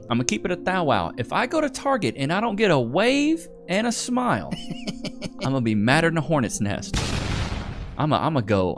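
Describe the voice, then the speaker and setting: A man hosting a reaction video, chatting casually with his chat and laughing often. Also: medium pitch. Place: home studio in Texas.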